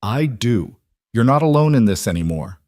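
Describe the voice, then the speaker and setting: A man voicing a protective single father in an audio story, speaking in a calm, firm way. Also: medium pitch, moderate pace, no room sound, lightly acted.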